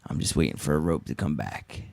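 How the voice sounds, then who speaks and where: A man performing an improvised comic story on a live show, rambling and packed with fillers and swearing. His delivery swings between loud bursts and low mutters. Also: big pitch swings, a little fast, vocal fry, slight background noise. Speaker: actor and co-host.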